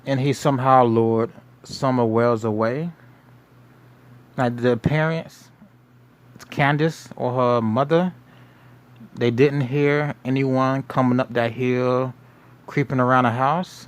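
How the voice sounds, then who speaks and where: A man hosting a show, giving casual commentary in a rambling, musing way and repeating himself. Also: medium pitch. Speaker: show host.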